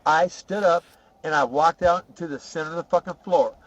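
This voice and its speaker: A boastful, foul-mouthed ex-convict spins rambling prison tales, as a man puts him on for a comedy podcast. His voice sits fairly high and cocky, with plenty of rough swearing and "okay?" tags. The recording is dull and lo-fi. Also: moderate pace, no room sound, close to an everyday voice. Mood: swaggering. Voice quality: rough, profane, rambling storyteller. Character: boastful tough male ex-convict telling prison stories. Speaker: podcast host in character. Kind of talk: comic character monologue.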